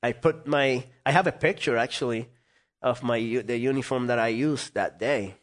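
Man telling a lively story. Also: medium pitch, normal speed. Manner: animated, acts out quoted voices. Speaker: interview guest. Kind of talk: storytelling in conversation.

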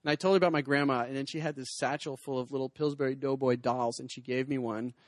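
A middle-aged male comedian rattles through his set at a fast clip, rambling and tossing self-deprecating asides to the crowd. His voice sits at an ordinary pitch and comes across dry and close, with little room sound. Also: fairly even intonation, dry recording. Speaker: comedian and cartoonist. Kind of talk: stand-up comedy with crowd work. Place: small hot venue with a spotlight.

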